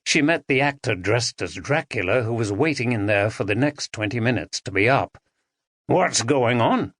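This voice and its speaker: A man narrating an audiobook thriller, expressive and dramatic, on a close studio mic. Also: lowish voice, normal speed, no room sound. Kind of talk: scripted narration.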